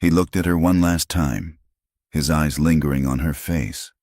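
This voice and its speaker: Very deep-voiced male audiobook narrator. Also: steady tone, a little slow, a little mellow, no echo, studio quality. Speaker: storyteller.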